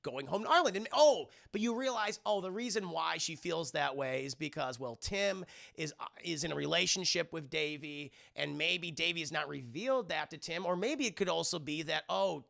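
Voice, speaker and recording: A man streaming live, recapping a movie in a casual, animated, profane way and talking to his chat. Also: a little high, normal speed, gravelly, few pauses.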